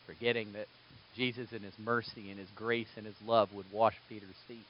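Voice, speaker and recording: A man preaching a sermon, moving between quiet, low passages and loud, emphatic bursts. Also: fairly even intonation, a little fast, lo-fi sound. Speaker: pastor.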